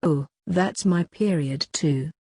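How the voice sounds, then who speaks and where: A woman voicing a kind, polite teenage girl who is class rep, in a husky voice for an amateur audiobook. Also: deep voice, slow, exaggerated voice. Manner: polite, gentle.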